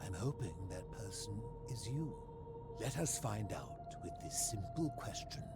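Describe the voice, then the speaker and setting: A man voicing a lonely, aging philosopher hermit in a video game, speaking in a formal, measured and questioning way over game music. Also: on the low side, very animated. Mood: courteous. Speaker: game character. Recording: game audio with soundtrack music.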